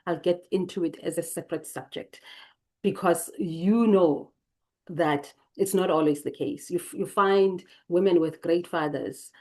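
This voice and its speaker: A South African woman in her late forties talks in a lowish, mellow voice. She reflects out loud, reads a line from her notes and drifts into side comments before returning. The tone is personal storytelling as a channel host. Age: late 40s. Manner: thoughtful, digressive, reads lines then comments.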